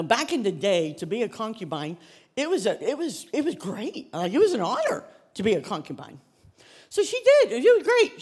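A woman pastor preaching a sermon, telling a story with lively, casual acted-out dialogue. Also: on the high side. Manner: animated storytelling, acts out biblical characters in casual modern speech.

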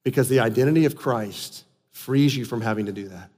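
A pastor preaching a sermon, earnest, moving between soft, slow lines and emphatic ones. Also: male voice, medium pitch, long reverb tail.

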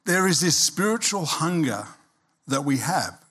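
A man's voice: on the high side, very animated, a little slow, fairly bright tone, breathy edge. A man in his sixties preaching a sermon as pastor, talking conversationally, checking in with the congregation and slipping in humorous asides.

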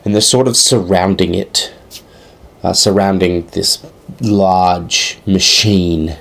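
Man, low-pitched and unhurried, improvising a tabletop game scene, halting and full of fillers. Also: fairly even intonation, vocal fry, a bit bright. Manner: hesitant, thinking aloud with many fillers.

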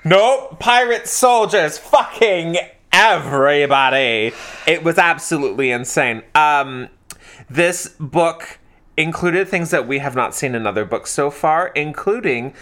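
A man co-hosting a casual book discussion, animated and often jumping into mimicry of characters. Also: a little slow. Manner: animated, mimics characters with big pitch jumps. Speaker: podcast co-host.

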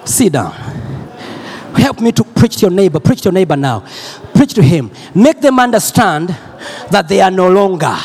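A male preacher from Uganda giving a loud, energetic sermon, repeating phrases and drawing call and response from the congregation. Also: sits high, normal speed, breathy edge.

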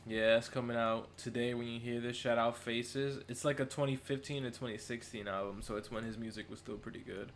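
A young man co-hosting a casual podcast, relaxed and slangy and quick to laugh. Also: mid-range voice, slight background noise. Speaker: podcast co-host.

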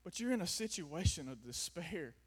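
A man with a high voice delivers an impassioned sermon to a gathered audience. He drops to quiet, reflective lines, then climbs to raised, almost shouted pleading. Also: big pitch swings, moderate pace, slightly rough. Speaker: preacher. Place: before a gathered audience in a room.

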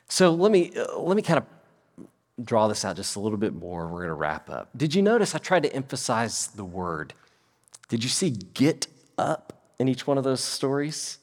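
A male pastor with a mid-range voice preaches at normal speed to a congregation in a church sanctuary. He's animated and keeps quizzing his listeners as he goes, and the recording carries a long hall reverb.

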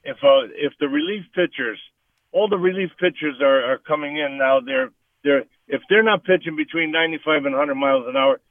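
A man's voice: fairly high pitch, brisk, no echo. A man in his seventies or older calling in to a sports radio show, rambling and repeating words. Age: 70s or older. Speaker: caller. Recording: dry, tinny phone line.

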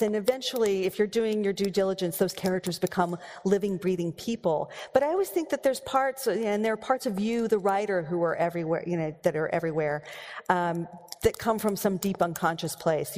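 A woman's voice: mid-range voice, a little mellow, slight background noise. Chatty American woman in a reverberant hall. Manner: chatty, laughing, rambling with restarts. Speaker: novelist giving a keynote Q&A. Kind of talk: live audience Q&A. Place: large hall with audience.

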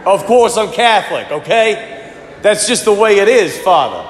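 A priest putting on a Jersey Italian accent to voice a brash, proud Italian man who shrugs off going to Mass, in a lower voice than his own. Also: big pitch swings, normal speed, a little hiss or hum. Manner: breezy, indignant, shrugging off questions. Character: brash male Italian churchgoer, proud and dismissive. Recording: echoey church hall.

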